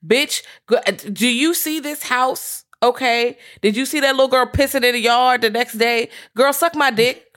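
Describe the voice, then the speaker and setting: Co-host, profane animated storyteller, mid pitch. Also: moderate pace, hardly any pauses. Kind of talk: casual chat.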